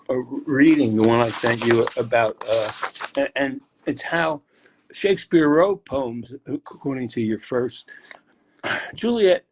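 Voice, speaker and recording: An older man, a guest poet, chatting casually about poetry in a rambling, halting way as he searches aloud. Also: medium pitch, husky. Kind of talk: casual chat explaining poetry.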